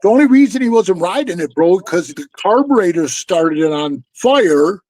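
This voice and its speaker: A middle-aged man tells stories in a loose, blunt way, swearing freely and calling his listener "bro". His voice sits high for a man. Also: animated, normal speed, a little mellow, no room sound, poor audio. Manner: blunt, profane, keeps saying "bro". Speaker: former motorcycle club member telling stories. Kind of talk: casual storytelling chat.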